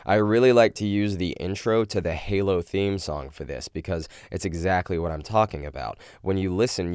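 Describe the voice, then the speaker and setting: A man's voice: low voice, darkish tone, clear, resonant tone, no echo, clean studio sound. A young man teaching vocal technique, explaining and demonstrating exercises in an instructional video. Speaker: vocal coach.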